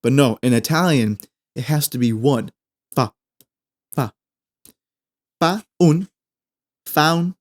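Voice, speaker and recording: A young man, hosting a podcast and chatting casually through a language lesson, repeating phrases slowly as he explains. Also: fairly high pitch, expressive. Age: 20s. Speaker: podcast host.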